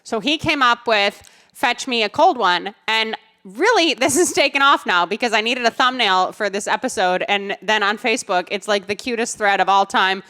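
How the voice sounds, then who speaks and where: A woman's voice: medium pitch, normal speed, bright, forceful tone. A woman co-hosting a casual podcast, bubbly and chatty. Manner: bubbly, chatty, laughs often. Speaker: podcast co-host. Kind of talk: casual chat.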